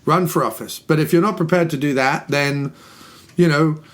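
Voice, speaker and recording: A man's voice: fairly high pitch, normal speed. A man hosting a podcast, talking in a casual, ranty way and repeating phrases for emphasis. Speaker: podcast host. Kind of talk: casual chat.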